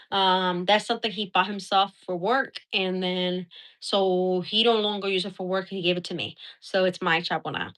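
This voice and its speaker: A woman's voice: medium pitch, bright, forceful tone. A woman hosting a casual live stream, chatting and rambling through stories as she shows her gear.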